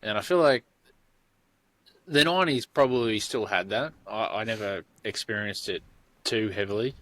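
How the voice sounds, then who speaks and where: Bright-voiced, sweary Australian man in his thirties. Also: fairly low pitch, moderate pace, no echo. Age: 30s. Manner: swears freely, rambling storytelling. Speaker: podcast co-host. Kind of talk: casual chat.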